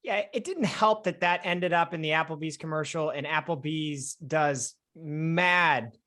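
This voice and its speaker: A man's voice: on the high side, measured pace, sharp tone. A man co-hosting a casual podcast, talking in an easygoing, laid-back way. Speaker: podcast co-host. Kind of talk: casual chat.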